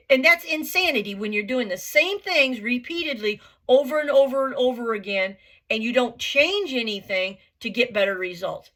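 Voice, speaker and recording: Woman, bright forceful voice, earnest, blunt, repetitive, motivational vlog. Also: fairly high pitch. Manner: blunt, emphatic, repeats herself; earnest, swears casually. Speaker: vlogger.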